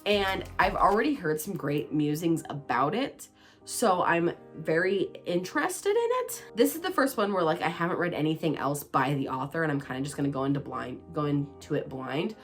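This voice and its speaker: A woman vlogging about books in an excitable, chatty way, teasing herself as she goes. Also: deep voice, normal speed, faint music behind. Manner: bubbly, excitable, self-teasing. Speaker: book vlogger. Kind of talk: casual chatty book talk.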